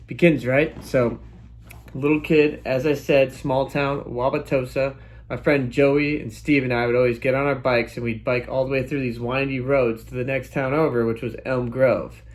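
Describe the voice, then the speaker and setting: A young man telling a childhood story in a casual, animated way, full of sound effects and exclamations. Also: medium pitch, normal speed. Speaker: storytelling vlogger.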